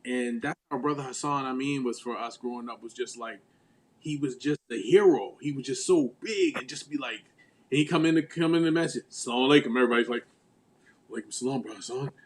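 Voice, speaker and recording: A man's voice: mid-range voice, brisk. A man from the United States hosting a casual group chat over a video call, telling stories and acting out greetings. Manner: animated storyteller, acts out greetings. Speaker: livestream host.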